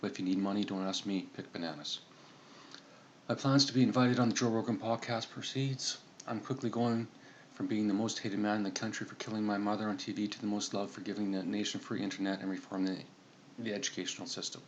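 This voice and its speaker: Deep-voiced deadpan man narrating. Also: fast talker, dull audio, slight background noise. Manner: deadpan, matter-of-fact, with self-corrections. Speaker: storyteller. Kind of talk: comedic monologue narration.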